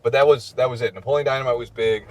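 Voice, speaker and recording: A man with a Midwestern American accent, a priest hosting a casual chat during a car ride and telling stories with lively quotes. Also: medium pitch, quick pace, slight background noise. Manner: chatty, storytelling with mimicked quotes. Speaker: priest and podcast host.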